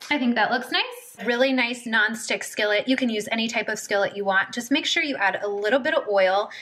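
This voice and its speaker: Young woman, cooking channel host, chatty and upbeat, slightly high voice, echoey kitchen. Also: a little fast, bright, forceful tone, slight background noise. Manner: bubbly, chatty, addresses viewers directly. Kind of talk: casual cooking tutorial. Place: home kitchen.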